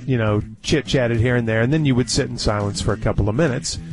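Man in his forties, storytelling, animated, laughs a lot, soft music underneath. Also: medium pitch, fast talker. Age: 40s. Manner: animated anecdote teller, laughs often. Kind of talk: casual storytelling chat.

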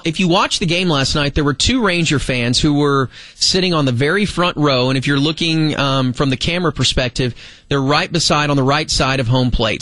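A man hosts sports radio from a studio, with a voice pitched a little high and a close, dry microphone sound. He tells stories with animated energy and jumps into loud imitations of fans. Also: no echo. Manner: animated storyteller, mimics fans' shouts. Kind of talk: casual sports radio banter.

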